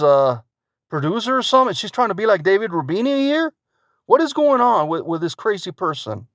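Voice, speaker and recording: A man's voice: on the high side, no echo, clean studio sound. A man hosting his own channel, ranting indignantly in a vlog and firing off repeated rhetorical questions while reading out screenshots. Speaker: YouTube channel host.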